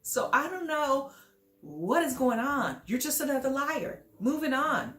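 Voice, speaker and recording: Sassy high-voiced woman ranting in an echoey room. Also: sing-song, unhurried, a bit bright. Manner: sassy, scolding, talks straight at the people she judges. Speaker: reality TV commentator. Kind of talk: casual commentary monologue.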